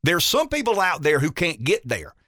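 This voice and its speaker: A rural Southern man hosts a talk radio show in a lively, up-and-down voice. His tone is bright and forceful, and he is emphatic and folksy, doubling back on words as he builds each point. The studio sound is close and dry. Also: on the high side, moderate pace, no echo. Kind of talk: opinionated talk radio commentary.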